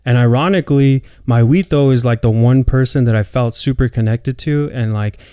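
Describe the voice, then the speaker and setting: Smooth-voiced man telling family stories. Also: mid-range voice, moderate pace, dark tone, dry recording, studio quality. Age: 20s. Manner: loose storytelling, swears freely. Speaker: podcast co-host. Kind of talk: casual chat.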